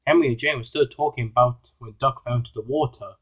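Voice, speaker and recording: A man narrating a homemade toy-train story, halting with frequent restarts. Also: medium pitch, fairly bright tone, breathy edge, muffled recording.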